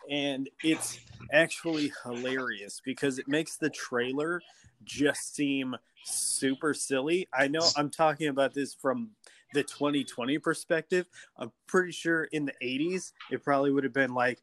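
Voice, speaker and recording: A man's voice: medium pitch, steady tone, normal speed, a bit bright, a little hiss or hum. A man chatting casually about a movie, rambling with lots of "like".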